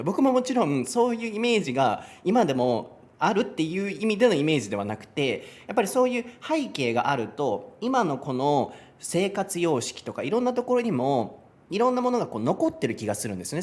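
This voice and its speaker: Thoughtful male host searching for words. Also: a little high. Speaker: host of an English conversation lesson. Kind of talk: casual unscripted conversation in English and Japanese.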